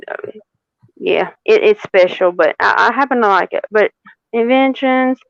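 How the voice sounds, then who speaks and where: Smooth-voiced woman giving a tarot reading. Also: fairly high pitch, dry recording, muffled recording. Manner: unhurried, repeats phrases for emphasis. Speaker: tarot reader.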